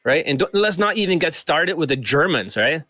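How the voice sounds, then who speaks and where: A man's voice: a little high, lively intonation, normal speed, pushed and bright, no echo. Rambling man vlogging, dry close sound. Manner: rambling, joking, slips into mock accents. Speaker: coach. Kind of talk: casual vlog rant.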